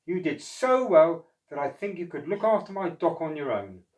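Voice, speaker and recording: A man's voice: a little high, big pitch swings, moderate pace, darkish tone, far from the mic, pitched above the performer's own voice. A man voicing a kindly grown-up dock boss in a children's story, speaking in an encouraging, instructive way.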